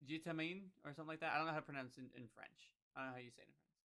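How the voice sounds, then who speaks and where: Bright-voiced man recapping a comic. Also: a little high, fairly even intonation, rapid-fire, clear, resonant tone. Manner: recaps panel by panel, thinking aloud with fillers. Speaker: podcast co-host. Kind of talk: casual manga chapter recap. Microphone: podcast mic.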